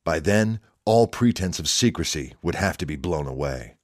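A man narrating a written story in a steady, measured reading. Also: low voice, no echo, studio quality.

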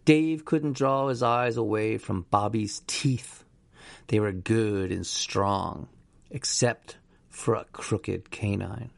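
Man, story narration, low pitch, dry close sound. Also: takes it slowly, gravelly, no echo. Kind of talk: audiobook narration.

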